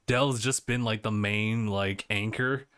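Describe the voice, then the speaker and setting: Man, podcast co-host, casual game chat, low-ish voice, trails off, dry sound. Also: fairly even intonation, unhurried, fairly bright tone, clear, resonant tone, dry recording. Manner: laid-back, laughs often, trails off mid-sentence. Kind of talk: casual chat about video games.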